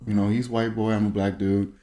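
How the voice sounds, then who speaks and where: A man's voice: on the low side, level tone, fast talker, warm tone. A young man from Maryland co-hosting a casual chat and telling stories, acting out what people said. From Maryland, USA. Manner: storytelling, acts out quoted dialogue. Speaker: podcast co-host. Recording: echoey room.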